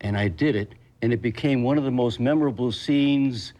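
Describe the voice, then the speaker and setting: A man's voice: mid-range voice, moderate pace, warm tone. An older man, an actor guest, telling stories in an interview in an emphatic, blunt, salty way. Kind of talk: emotional interview storytelling.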